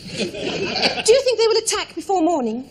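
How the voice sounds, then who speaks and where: An actress playing an amateur actress who plays a soldier's daughter in a melodrama, in a breathless, melodramatic manner, on an old TV soundtrack. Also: female voice, very high-pitched, sing-song, moderate pace. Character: young soldier's daughter, genteel heroine. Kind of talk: sitcom acting. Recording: old TV audio with background noise.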